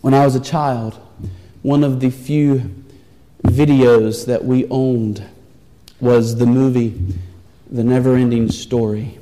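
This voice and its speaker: A man preaching a sermon, telling a story with earnest, pleading warmth. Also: mid-range voice, steady tone, takes it slowly, a little hiss or hum. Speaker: pastor. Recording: long reverb of a large hall.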